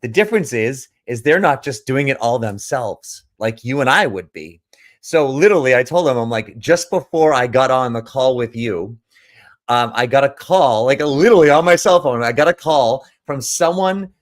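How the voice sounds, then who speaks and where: A man's voice: mid-range voice, expressive, moderate pace. A man who coaches business owners, telling a story in a casual monologue, earnest and emphatic, often restarting and repeating words.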